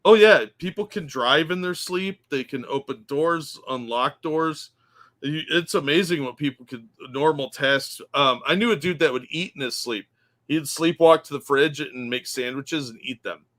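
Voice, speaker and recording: A man's voice: on the high side, normal speed, a bit bright. A man co-hosting a casual podcast, chatty and joking as he explains stories. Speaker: co-host.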